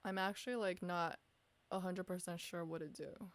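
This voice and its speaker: Her voice is fairly low and steady, at a normal speed. She streams chess, reviewing her games out loud, posing questions to herself and teasing herself for the mistakes she made.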